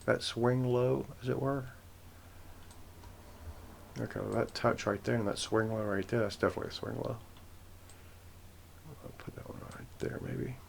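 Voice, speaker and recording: A man running a forex trading channel casually walks through the trend lines on his shared chart screen, rambling, correcting himself and tossing in joking asides. His voice is medium-pitched with vocal fry, and there's a little hiss or hum.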